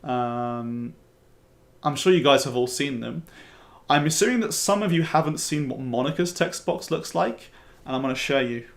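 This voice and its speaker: A man's voice: medium pitch, animated, normal speed, vocal fry. A man giving casual live-stream commentary on a game he helped make, rambling and offhand, with the odd swear word. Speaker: game developer commenting on his mod. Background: faint game music.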